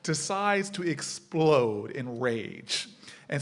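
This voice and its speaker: A man telling a story to an audience at a panel event, acting out shouted lines. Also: medium pitch, slow pace. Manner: animated, acts out shouting quotes. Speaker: panel speaker. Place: lecture hall with audience.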